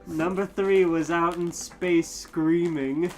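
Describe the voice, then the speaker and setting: A man co-hosting a comedy podcast, reading fan fiction aloud with mock drama and bursts of shouting. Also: a little high, steady tone, slow pace, faint music behind. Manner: reads aloud with sudden loud shouted quotes and laughs.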